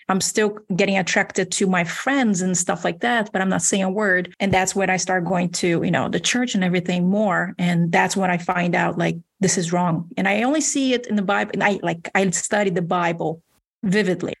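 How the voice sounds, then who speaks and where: A gravelly-voiced woman in her forties tells her own story as a guest, quick and animated. Her voice is husky. She acts out the things people said to her as she goes. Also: on the low side. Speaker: guest, health coach. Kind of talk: personal storytelling in conversation.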